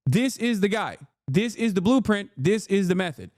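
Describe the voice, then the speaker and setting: A man's voice: high voice, lively intonation, normal speed, darkish tone, no room sound, studio quality. A man streaming political commentary, reacting to news clips in a profane, exasperated way and often mocking others in put-on voices.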